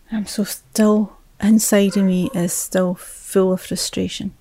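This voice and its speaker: A woman, a mother, telling a personal story in a reflective way, often dropping to a hushed whisper. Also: medium pitch, flat delivery, unhurried, few pauses, dry recording.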